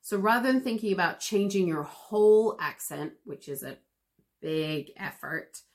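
A woman teaching pronunciation in a podcast lesson, calm and encouraging in a conversational way. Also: mid-range voice, unhurried. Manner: calm, encouraging, explains at an even conversational pace. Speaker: English teacher.

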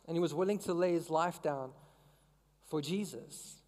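A male pastor preaches in a loose, conversational way, often turning questions back to the congregation. His voice sits high for a man. It carries a long reverb, as if in a big hall. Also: moderate pace, a little mellow. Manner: conversational, asks the crowd questions. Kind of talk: sermon.

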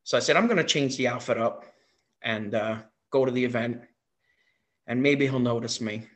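A man, a wrestling impersonator on as a guest, telling a story in an excited casual way with many fillers and repeats. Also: medium pitch, moderate pace.

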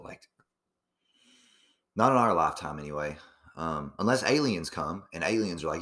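Young guy with a really low voice, swearing a lot, rambling and restarting mid-sentence. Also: animated, normal speed, pauses often, sharp tone. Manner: profane, meandering, lots of fillers and restarts. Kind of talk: casual rambling monologue.

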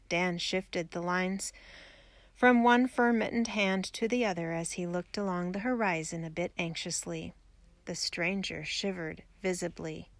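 A woman narrating a storybook in a steady, measured reading voice. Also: lowish voice, dry recording. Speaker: audiobook reader.

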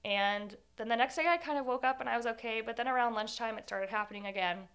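A woman's voice: fairly high pitch, quick pace, fairly bright tone, clean tone. A young woman in her twenties, a guest telling her own story in an interview, candid and earnest, with many "like"s. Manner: candid, earnest, says 'like' often.

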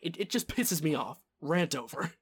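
A man's voice: fairly high pitch, big pitch swings, normal speed, breathy edge. Ranting male sports podcast co-host. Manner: fired-up ranting, swearing. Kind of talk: casual sports chat.

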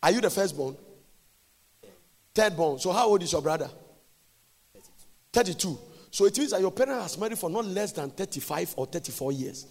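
A man in his forties preaches a sermon in a high, wildly swooping voice with a gravelly edge. He moves between sing-song phrases and sudden shouts. The sound carries a long church reverb. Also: animated, moderate pace, long pauses. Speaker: pastor. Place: large church.

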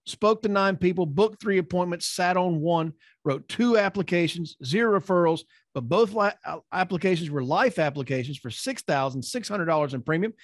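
Upbeat male meeting host, slightly high voice, dry close sound. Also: moderate pace, few pauses, no echo. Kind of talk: meeting hosting on video call. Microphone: video call.

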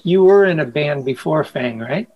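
A man's voice: fairly high pitch, animated, normal speed, phone-quality sound. A man interviewing a guest, cutting in with short questions. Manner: brief prompting questions. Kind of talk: casual interview.

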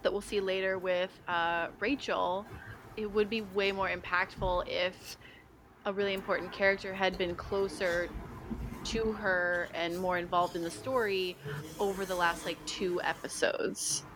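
A woman's voice: lowish voice, flat delivery, unhurried. A woman co-hosting a podcast in casual chat, talking loosely with many fillers. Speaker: podcast co-host. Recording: clear background hiss.

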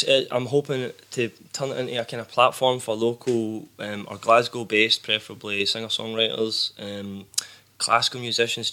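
Young glasgow guy yapping away on a podcast, bright clear tone, swears a bit. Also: mid-range voice. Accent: Glaswegian. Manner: chatty storytelling, swears casually, laughs easily. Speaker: podcast guest, musician. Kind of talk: casual chat.

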